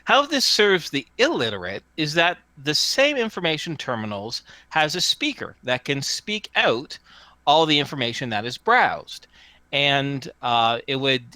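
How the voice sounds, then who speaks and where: Animated man running a tabletop game, bright voice, dry close mic. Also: mid-range voice, dry recording. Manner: rambling, with fillers and restarts. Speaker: game master.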